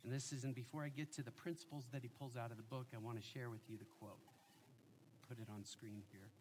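A man in his forties preaching a sermon as a pastor, telling family stories in an animated, joking way. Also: medium pitch, fast, slight background noise.

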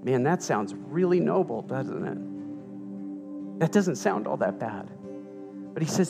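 A man preaching a sermon as pastor, playful and animated as he tells a story. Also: medium pitch, takes it slowly, vocal fry, pauses often. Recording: reverberant hall with music underneath.

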